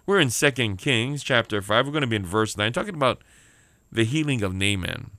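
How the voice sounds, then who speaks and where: A man's voice: mid-range voice, expressive, fairly quick, pushed and bright, dry recording. A man preaching a sermon on the radio, emphatic, repeating key lines and calling out for amens. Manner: emphatic preaching with repeated phrases and call-outs for amen.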